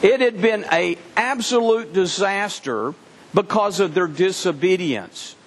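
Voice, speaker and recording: A man preaching a sermon, telling a scripture story in an animated way and often repeating words as he restarts. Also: sits high, unhurried, a little hiss or hum. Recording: long reverb from a hall.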